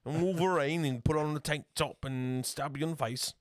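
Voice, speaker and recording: A man putting on an exaggerated mock Australian accent to imitate a brash male movie star, loud and overdone. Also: fairly high pitch, normal speed, slight background noise, pitched above the performer's own voice, natural voice. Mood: goofy.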